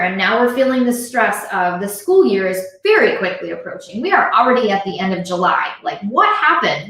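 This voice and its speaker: A woman's voice: a little high, a bit bright. Woman livestreaming a pep talk, earnest, keeps repeating herself, big echoey room. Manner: earnest, repetitive, direct address to viewers. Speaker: motivational speaker. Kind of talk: live-streamed motivational talk. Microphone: device camera on a live stream.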